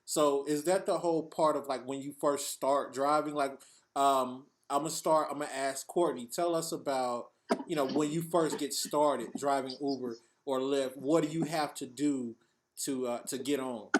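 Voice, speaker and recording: A man's voice: mid-range voice, moderate pace. A man hosting a casual roundtable with rideshare drivers, asking loose, easygoing questions. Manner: relaxed questioning, laughs easily. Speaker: podcast host.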